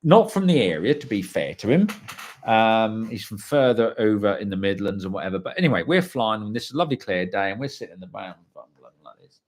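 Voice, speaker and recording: A man's voice: fairly low pitch, very animated, fairly quick. A man, telling a story on a livestream and reading out viewer comments, chatty and blunt, swearing freely. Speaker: livestream host.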